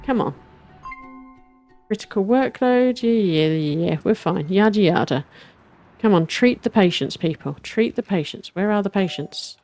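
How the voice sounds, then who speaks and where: Gamer lady, lively up-and-down voice, a bit high, chatting away over faint game music. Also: measured pace. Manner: chatty, talks to herself and the game characters, often laughs. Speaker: gaming channel host. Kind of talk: casual let's-play commentary.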